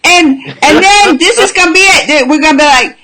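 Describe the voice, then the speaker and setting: A woman's voice: high-pitched, moderate pace, low-quality recording. A woman hosting a casual chat about a TV show, playful and teasing, often laughing. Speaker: host.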